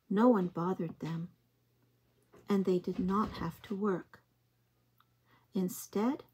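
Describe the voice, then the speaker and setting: A woman reading picture books aloud to young children in a slow, gentle, expressive way. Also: mid-range voice, breathy edge. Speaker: early-years storytime reader.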